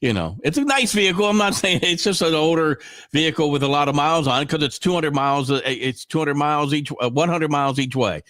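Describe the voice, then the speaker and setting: A man's voice: a little high, lively intonation, quick pace, a bit bright, no room sound, clean studio sound. A man with a head cold, chatting casually as a guest on a morning show, rambling with many fillers and restarts. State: congested with a cold. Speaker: guest radio host. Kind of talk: casual chat.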